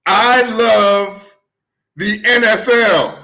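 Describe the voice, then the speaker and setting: A high, bright-voiced man hosts a sports talk show, bursting with excitement. He drags his words out very slowly, then erupts into loud whoops. He sounds a bit winded from all the yelling. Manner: hyped and loud, shouting bursts, slow drawn-out phrases. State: out of breath. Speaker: sports podcast host.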